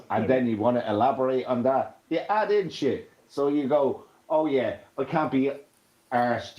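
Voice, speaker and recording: A man's voice: medium pitch, darkish tone. A man with a Dublin accent in casual chat. He swears freely and stammers through restarts. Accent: Dublin Irish. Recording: roomy echo.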